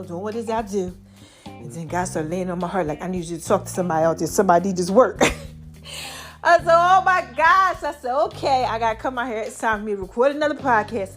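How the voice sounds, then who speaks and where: A woman hosting a casual faith podcast, talking to her listeners in an animated, preachy way and a little out of breath. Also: high-pitched. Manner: animated, preachy, calls listeners y'all and child. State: a bit out of breath. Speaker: podcast host.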